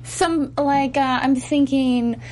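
A woman singer being interviewed in casual chat, hesitant, pausing with fillers and laughing easily. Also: high voice, fairly even intonation, a little mellow. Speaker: singer guest.

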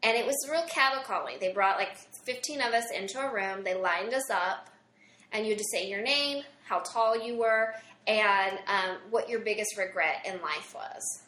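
A bright, clear woman's voice tells stories with energy, slipping into other people's voices as she acts out the scenes. She sits for a casual chat, and her voice rings a little in an echoey room. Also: mid-range voice, normal speed. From Southern Illinois. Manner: animated storyteller, acts out quotes. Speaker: guest.

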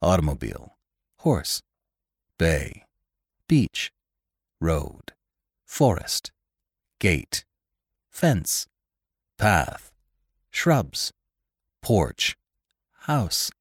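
Man doing a relentless detective, low voice, clipped, sharp, dry close sound. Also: big pitch swings, drawn-out words, long pauses, slightly rough, no room sound, exaggerated voice. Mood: probing. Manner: clipped, sharp word-firing. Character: cool, relentless male scientific detective.

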